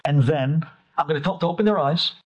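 Lively husky-voiced rabbi telling a story. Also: male voice, on the high side, quick pace, highs cut off. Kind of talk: animated storytelling talk.

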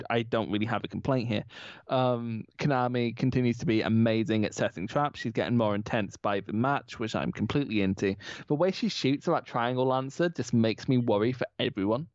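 A man's voice: medium pitch, darkish tone, dry recording. A young Scottish man co-hosting a casual podcast, defensive and self-mocking, laughing often. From Scotland. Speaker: podcast co-host. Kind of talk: casual chat. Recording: dry, slightly dull mic.

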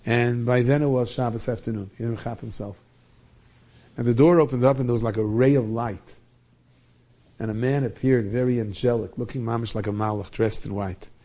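Mellow-voiced man telling a Hasidic tale. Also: medium pitch, moderate pace. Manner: lively retelling with many Yiddish and Hebrew terms. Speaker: storyteller.

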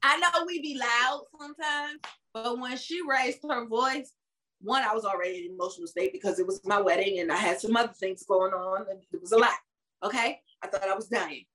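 A young married woman co-hosting a casual chat, playful and quick to chime in. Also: on the high side, sharp tone, rough recording. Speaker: podcast co-host.

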